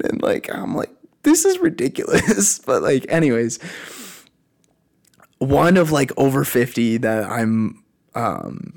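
A young man hosting a casual solo podcast, talking in a rambling, animated way with lots of fillers and restarts. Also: mid-range voice, vocal fry. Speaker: podcast host. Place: lives at altitude in a mountain city.

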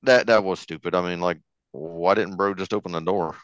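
A man chatting casually about a movie, easygoing and quick to laugh. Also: low voice, steady tone, fairly bright tone, smooth, no room sound, lo-fi sound. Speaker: podcast co-host. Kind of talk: casual movie review chat.

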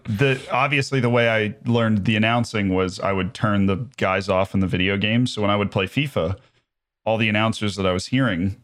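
A man's voice: fairly low pitch, fairly even intonation, brisk. Chatty man in a put-on English accent. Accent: English-style commentator accent, put on by an American. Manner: chatty, rambling, frequent restarts and fillers. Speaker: guest, streamer and sports commentator. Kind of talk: casual interview chat.

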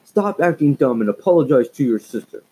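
A man's voice: mid-range voice, animated, a little fast, dark tone, slightly rough, pitched above the performer's own voice, poor audio. A man voicing a stern, tired father who scolds his quarreling daughters. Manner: firm, scolding.

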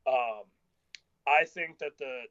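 A man co-hosting a casual sports podcast, arguing football picks bluntly and in rapid bursts. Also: mid-range voice, fairly bright tone. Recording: dull lo-fi sound.

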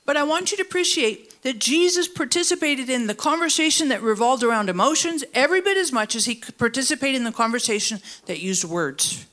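A woman with a high voice preaches a sermon to a church congregation, part of it in the room and part online. Her delivery is animated: she lifts her pitch far up to stress a point, then sinks low and slow, and she pulls the listeners in by asking them to finish her sentences. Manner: asks the congregation to fill in words. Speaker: pastor. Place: church service, also streamed online.

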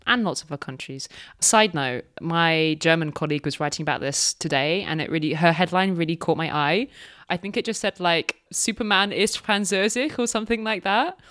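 A woman's voice: lowish voice, brisk, a bit bright, dry recording, studio quality. A woman co-hosting a podcast, chatting casually in a bubbly way, often laughing and saying "like". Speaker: podcast co-host. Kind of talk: casual chat.

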